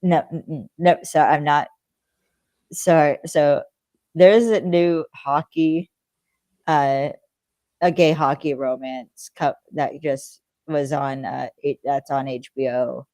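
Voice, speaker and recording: Co-host for a fan podcast: mellow low-toned voice, dry close sound, loose rambling recap. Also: fairly even intonation, slow, no room sound. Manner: rambling, lots of fillers, acts out characters' lines. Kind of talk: casual chat recapping a TV episode.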